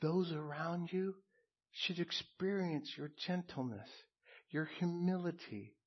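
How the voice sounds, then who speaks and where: A pastor delivers a sermon slowly and deliberately, his somewhat high voice slightly husky. He preaches earnestly and emphatically, pausing and leaning on repeated phrases for emphasis. The recording is a little dull and lo-fi.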